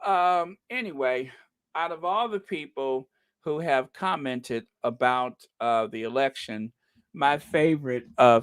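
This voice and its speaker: A man's voice: medium pitch, smooth, no echo. A man hosting a casual commentary vlog, joking and hesitant with many ums and restarts. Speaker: channel host.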